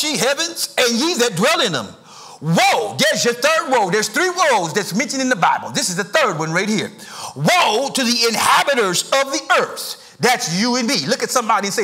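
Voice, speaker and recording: In a church sanctuary, a middle-aged pastor delivers a sermon in a voice unusually high for a man. He sounds bright and forceful, rising into sing-song lifts and shouted emphasis.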